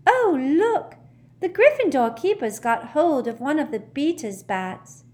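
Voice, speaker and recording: A woman's voice: sits high, sing-song, unhurried, a little mellow, voice pushed up. A woman voicing a dreamy, vague teenage girl who talks in an airy, wandering way.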